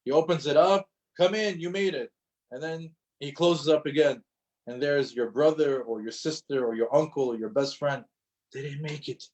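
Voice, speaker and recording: A man teaching a religious class, speaking in an emphatic, lively way and often repeating his phrases for emphasis. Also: medium pitch, moderate pace, poor audio. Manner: storytelling with acted quotes. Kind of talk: lecture to an audience.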